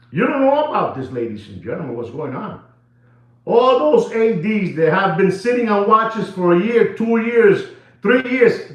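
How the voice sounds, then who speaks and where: A watch dealer rants to the camera in a high, lively voice, repeating his points over and over and slipping into Spanish phrases. The sound is dull and lo-fi. It echoes hard off the walls of the room. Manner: animated, repetitive, switches into Spanish phrases. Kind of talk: excited casual rant to camera.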